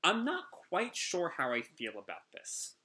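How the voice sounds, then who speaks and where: Chatty bright-voiced man reacting to manga. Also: a little high, wildly swooping pitch, unhurried. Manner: chatty, filler-heavy, enthusiastic. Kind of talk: casual live chapter reaction.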